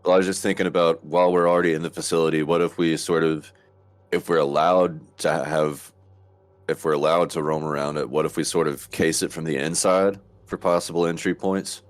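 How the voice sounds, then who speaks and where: Really deep-voiced guy thinking out loud at the game, bit of music under. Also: steady tone, fairly quick. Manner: musing, thinking aloud. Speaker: player. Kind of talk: casual tabletop game play.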